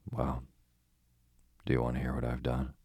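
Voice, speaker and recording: A man voicing a brisk, bluff male police inspector who talks in a breezy, hearty, clipped way. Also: rumbling low, completely flat delivery, a little mellow, husky, no room sound, heavily acted.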